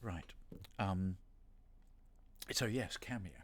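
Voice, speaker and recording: A man's voice: deep voice, extremely slow, a little hiss or hum. A middle-aged man from Britain chatting casually on a livestream signing session, rambling and self-deprecating with playful asides. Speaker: voice actor hosting a signing stream.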